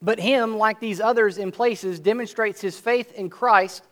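A high-pitched man delivers an earnest sermon. He reads passages of scripture and then explains them, drawing out key words and lifting his voice to drive them home. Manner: earnest preaching, slows and swells for emphasis. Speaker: preacher.

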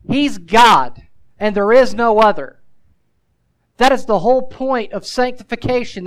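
A man's voice: very high-pitched, fairly bright tone, poor audio. A male pastor preaching a sermon. He mixes scripture with casual asides and presses the listener with emphatic rhetorical questions.

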